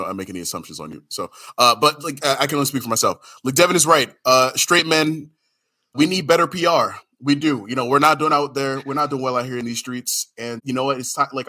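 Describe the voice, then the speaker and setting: Bright-voiced laughing podcast panelist man. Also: mid-range voice, quick pace. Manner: animated, laughing, self-deprecating. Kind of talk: casual chat.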